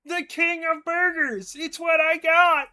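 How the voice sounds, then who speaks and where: A man voicing a nervous frog puppet who pleads and apologizes in a very high voice. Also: fairly even intonation, slow, pushed and bright, heavily acted. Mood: pleading.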